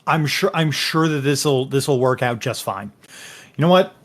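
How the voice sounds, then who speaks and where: Guy running a tabletop game, slow, rambling, lots of um and like. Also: medium pitch, animated. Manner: rambling, halting, full of fillers. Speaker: game master.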